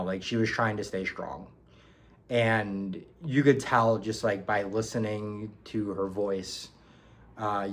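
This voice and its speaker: A man's voice: fairly low pitch, a bit bright. A young man from New York telling a personal story in a casual, hesitant way, with many ums and restarts. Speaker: book reviewer.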